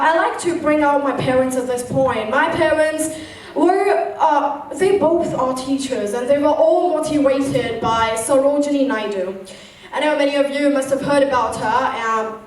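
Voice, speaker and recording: A woman's voice: high-pitched, a little hiss or hum. A teenage girl with an Indian English accent giving an earnest motivational speech to an audience, asking many rhetorical questions. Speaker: motivational speaker. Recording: echoey hall, voice from far off.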